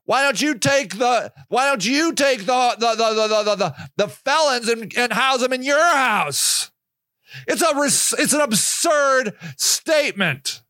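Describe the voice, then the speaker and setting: A man delivers a heated activist monologue for his podcast, firing off shouted rhetorical questions. His voice sits high and sounds bright and tense. The recording is close and dry. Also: lively intonation, takes it slowly, dry recording. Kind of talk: impassioned monologue.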